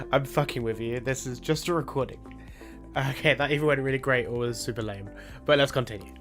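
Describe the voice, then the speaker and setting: Heard in a pre-recorded message played back over music, the show's resident videographer issues cheeky, profane instructions. He has a medium-pitched, slightly bright voice and talks at normal speed.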